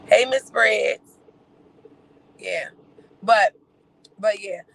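A man chatting to a livestream audience in a sassy, campy manner. He teases and gossips, full of drawn-out exclamations and laughter. His voice sits high with a bright edge and a gravelly fry. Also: a little hiss or hum, rough recording.

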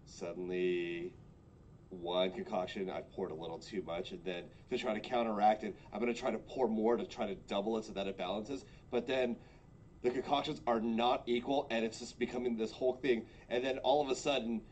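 Man player in a tabletop game, lowish voice, light background hiss. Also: fairly even intonation, moderate pace, darkish tone, highs cut off. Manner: earnest, narrates his actions. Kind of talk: tabletop role-play.

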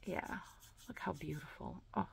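A woman's voice: on the low side, fairly even intonation, unhurried, creaky, a little hiss or hum. A woman chatting casually through a sticker haul unboxing, gushing and talkative, with frequent "like" and "oh". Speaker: planner and sticker vlogger.

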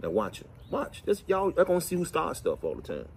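A middle-aged man, chatting and telling folksy, animated stories to the camera outdoors while cleaning fish. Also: a little high, brisk, vocal fry, a little hiss or hum. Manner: folksy, animated, preachy asides. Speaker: vlog host. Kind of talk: casual storytelling chat.

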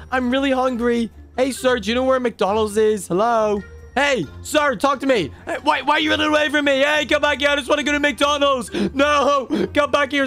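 Man doing a very high, gushing baby boy. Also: a bit bright. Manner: gushing, breathless, exclaiming. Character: mischievous excitable little baby boy. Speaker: gaming role-player. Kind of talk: role-play commentary over gameplay.

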